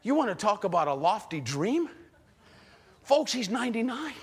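A man preaching a sermon in an animated way, firing rhetorical questions at the congregation. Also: high-pitched, normal speed, breathy edge. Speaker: pastor.

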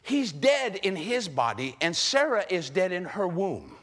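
A man preaching a sermon in an animated way, firing rhetorical questions at the congregation. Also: high-pitched, a little slow. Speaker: pastor.

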